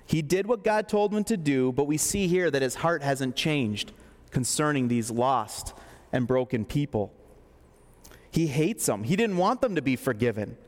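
A male pastor preaching a sermon in a relaxed, conversational way, mixing jokes into the reading, in a church hall. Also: on the high side, a little slow. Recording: long hall reverb.

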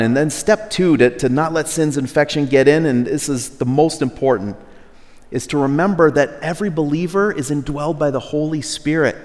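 A man preaching a sermon in a relaxed, conversational way, at times exasperated. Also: a little high. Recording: long hall reverb.

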